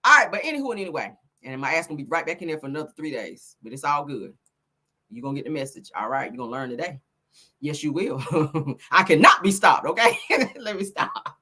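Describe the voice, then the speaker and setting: A woman's voice: low-pitched, very animated, a little fast, bright, forceful tone, slightly rough. A woman hosting casual gossip commentary in a sassy, laughing way, calling the viewer honey and girl.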